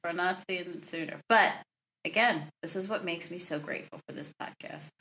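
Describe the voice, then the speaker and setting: A woman's voice: lowish voice, a little fast, sharp tone. A woman co-hosting a movie podcast, easygoing and agreeable in casual chat, laughing along. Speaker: podcast co-host.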